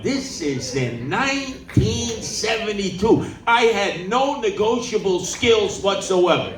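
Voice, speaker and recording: A man tells animated stories at a campaign town hall and slips into the voices of the people he quotes. His voice sits a little high for a man. It reaches the recording from a distance, ringing around a large, echoey room. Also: slow pace, few pauses, slight background noise. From New York City. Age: 70s. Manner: animated storyteller who acts out quoted people. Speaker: political candidate at a town hall. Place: large indoor meeting room. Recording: roomy hall, voice off-mic.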